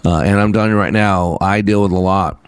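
A man's voice: low-pitched, fairly even intonation, brisk, smooth, dry recording. A middle-aged man hosting a motivational talk radio show, emphatic and preachy, piling up lists as he builds his points. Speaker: radio show host and leadership coach.

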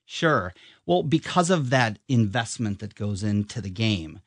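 A man's voice: on the low side, sing-song, a little slow, no room sound, studio quality. A middle-aged man, talking casually as an advertising guest and rambling with lots of ums and restarts. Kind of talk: casual interview chat.

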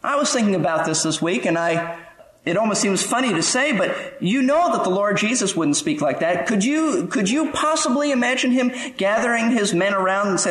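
A man's voice: sits high, very animated, normal speed, fairly bright tone, reverberant, low-quality recording. A man preaching an expository sermon in an earnest, conversational way, asking rhetorical questions. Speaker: pastor.

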